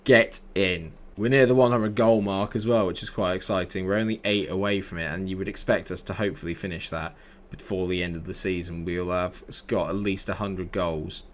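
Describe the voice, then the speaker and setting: A man's voice: sits low, steady tone, fairly quick. A young man commentating his own football management game in a casual way, grumbling under his breath and breaking into exasperated outbursts. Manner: exasperated, swings from mutters to outbursts. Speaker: gaming YouTuber. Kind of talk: casual let's-play commentary.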